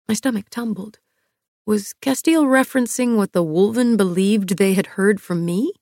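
A woman narrating an audiobook in a measured, expressive storytelling voice. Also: mid-range voice, no room sound, studio quality.

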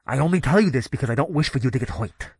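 An actor playing an earnest middle-aged male professor of the paranormal, measured and insistent. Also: mid-range voice, lively intonation, husky, dry recording, clean studio sound. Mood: grave. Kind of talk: audio drama acting.

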